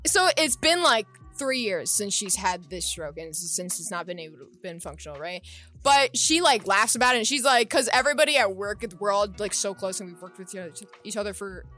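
A woman's voice: mid-range voice, fairly quick, faint music behind. A young woman co-hosting a casual podcast, telling a work story with lots of laughter and swearing. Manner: animated, laughing, swears freely. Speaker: podcast co-host.

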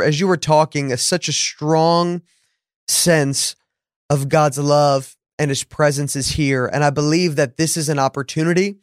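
A man's voice: a little high, no echo, clean studio sound. A young adult man hosting a faith podcast, talking earnestly in a casual way, with many restarts. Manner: earnest, with filler-laden restarts. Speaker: podcast host. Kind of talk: casual chat.

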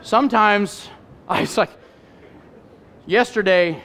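A middle-aged male pastor giving an animated sermon, acting out voices and making candid personal asides. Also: high voice, slow pace, slight background noise. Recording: hall reverb.

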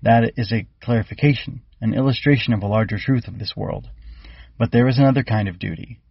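A man's voice: fairly low pitch, vocal fry, slightly rough, no echo, dull audio. Een man speelt een wijze, gevleugelde insectenleraar met een lage, krakerige en wat hese stem, die zijn lessen afgemeten en onderwijzend brengt. De opname klinkt dof en droog, met weinig hoogte. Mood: instructive. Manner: measured, instructive. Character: wise winged bug teacher, calm. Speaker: keeper instructing cadets.

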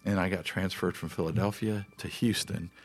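A man's voice: sits low, fairly even intonation, normal speed, faint music behind. A middle-aged man from Nebraska, a guest in a casual interview, telling rambling, easygoing stories about food.

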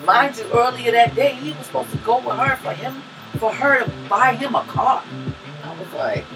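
A woman co-hosting a podcast, telling a personal story in a loose, profane, animated way and laughing often. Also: a little high, normal speed, distant mic, music in the background, poor audio. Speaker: podcast co-host. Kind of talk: casual storytelling chat.

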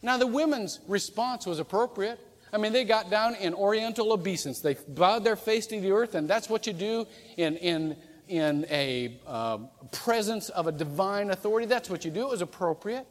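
Man, pastor, high lively voice, humorous sermon, long church reverb. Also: moderate pace. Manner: animated and humorous, acting out quoted voices. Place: church sanctuary.

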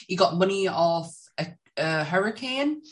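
A woman co-hosting a podcast in casual chat, chatty and quick to laugh. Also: fairly low pitch, expressive. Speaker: podcast co-host.

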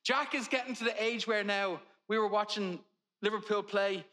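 A man in his forties preaching from the pulpit, with a high and bright voice. He talks to the congregation in a loose, chatty way and drifts into funny stories about his children. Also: normal speed. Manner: conversational preaching with humorous family anecdotes. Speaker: pastor. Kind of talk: sermon.

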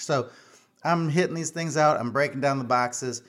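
A man's voice: medium pitch, moderate pace, fairly bright tone. Chatty man telling a story. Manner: chatty, self-mocking, with fillers and restarts. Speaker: vlogger. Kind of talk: casual personal storytelling.

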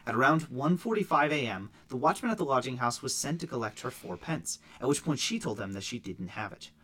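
A man co-hosts a casual true-crime podcast. He reads through case notes at a brisk clip with plenty of swing in his pitch and drops in quick offhand asides. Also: very animated, pushed and bright, husky. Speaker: podcast co-host.

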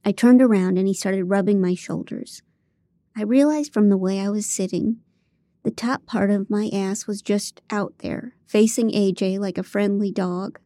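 Warm, dry-voiced woman narrating an audiobook. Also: medium pitch, fairly even intonation, normal speed, dry recording. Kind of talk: first-person audiobook narration.

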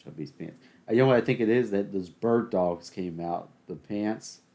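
On his solo podcast, a host from the suburban Southern US watches a game and rants sarcastically, adding jokey play-by-play. He speaks at a moderate pace in a dark voice on the low side.

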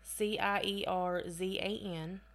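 A woman's voice: fairly low pitch, flat delivery, slow pace. A woman co-hosting a casual podcast, reading case notes aloud and breaking off into chatty asides. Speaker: podcast co-host.

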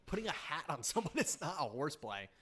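Lively young man, joking and teasing. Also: a little high, a little hiss or hum. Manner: teasing, laughs often, quick reactions. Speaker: podcast co-host. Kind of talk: casual chat.

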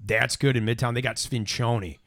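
A man's voice: medium pitch, steady tone, moderate pace, a bit bright, no echo, clean studio sound. A man hosting a casual podcast, rambling and joking with lots of fillers. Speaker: podcast host.

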